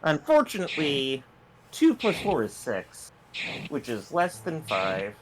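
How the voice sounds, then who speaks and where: A woman's voice: deep voice, huge pitch swings, a little slow, a little hiss or hum. A woman co-streaming a game in casual chat, blunt and explaining things, with some swearing.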